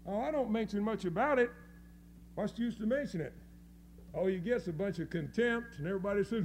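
A man preaching a fiery sermon, folksy and scornful, dropping to low mutters and rising to loud cries. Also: animated, a little fast. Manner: folksy, scornful, with mocking quoted voices.

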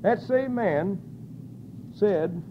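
Fiery high-voiced preacher. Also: male voice, lively intonation, very slow, lo-fi sound, slight background noise. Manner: fiery preaching, shouts scripture, drops to low asides. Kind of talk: sermon.

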